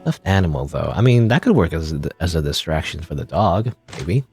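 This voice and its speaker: Rambling, chuckling low-voiced male gamer. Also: expressive, a little fast, a little mellow, soft background music. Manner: rambling, chuckling, self-interrupting. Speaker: let's play gamer. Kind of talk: casual gameplay commentary.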